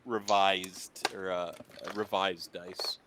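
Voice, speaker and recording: A man's voice: sits low, level tone, takes it slowly, a crowd in the background. A man acting as game master, narrating a tabletop game in a loose, rambling way with many fillers and restarts.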